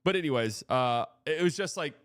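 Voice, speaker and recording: A man's voice: a little high, animated, moderate pace, fairly bright tone, no room sound, studio quality. A man hosting a live stream, talking through sports news in a frank, rambling way, swearing often and restarting sentences. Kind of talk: casual live-stream commentary.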